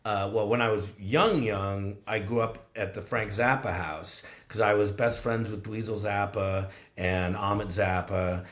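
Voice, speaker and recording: A man's voice: lowish voice, fairly even intonation, a little slow, few pauses. A man from Los Angeles, a guest musician, telling rambling road stories casually and swearing freely. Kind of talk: casual storytelling. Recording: roomy echo.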